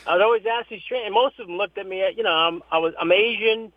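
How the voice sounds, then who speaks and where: Man, high voice, dry tinny phone sound, lively storyteller, interview guest. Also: fast talker, no echo. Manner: lively storyteller who acts out the people he quotes. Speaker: interview guest, horse trainer.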